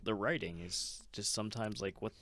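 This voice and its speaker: A man's voice: lowish voice, moderate pace, fairly bright tone, slight background noise. A man co-hosting a podcast in casual chat, easygoing, laughing often and leaning on fillers. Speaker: podcast co-host.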